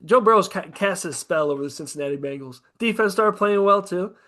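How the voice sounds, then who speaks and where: A man's voice: high-pitched, brisk, pushed and bright. A man co-hosting a casual sports podcast, rambling and profane about football teams. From American Midwest. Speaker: podcast co-host.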